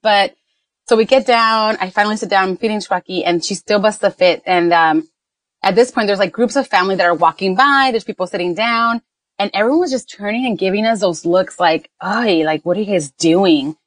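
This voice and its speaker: A woman's voice: medium pitch, brisk, a bit bright, no echo. A woman on a mom podcast, telling a family story in casual chat and slipping into Spanish phrases. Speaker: podcast co-host, mother.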